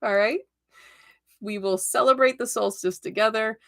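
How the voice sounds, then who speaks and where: A woman's voice: fairly high pitch, normal speed, gravelly. A woman hosting a tarot livestream in a casual, upbeat chat, telling stories and checking in with her viewers. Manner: upbeat, chatty, storytelling with many "right?" tags. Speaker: tarot reader and livestream host.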